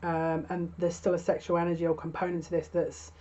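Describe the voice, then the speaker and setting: A woman talks through a tarot spread, musing and hesitant, often restarting her sentences. Her voice sits low and stays level, with little rise and fall. The recording sounds dull and lo-fi. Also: flat delivery, a little fast, warm tone. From United Kingdom. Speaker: tarot reader. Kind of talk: tarot reading monologue.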